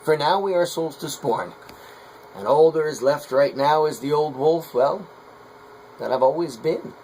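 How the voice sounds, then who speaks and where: A man's voice: a little high, expressive, unhurried, a little mellow, a little hiss or hum, poor audio. A middle-aged man, a potter, talking casually and rambling with hesitant fillers. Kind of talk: casual vlog talk while working.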